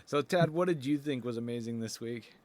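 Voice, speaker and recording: A man's voice: mid-range voice, a little fast, crowd noise. Congested chatty man podcasting. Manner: enthusiastic, chatty, laughs often. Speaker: podcast co-host. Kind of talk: casual chat about comics.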